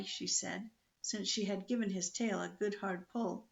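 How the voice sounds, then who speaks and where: An older woman reading a children's book aloud in a lively, expressive storytelling manner. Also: mid-range voice, unhurried, vocal fry, lo-fi sound.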